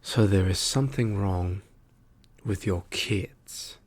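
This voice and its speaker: A man doing ASMR murmurs in whispered role-play as a wry trickster god reduced to a weary file clerk. He sounds soft and musing, fairly low and unhurried, stretching things out with long pauses.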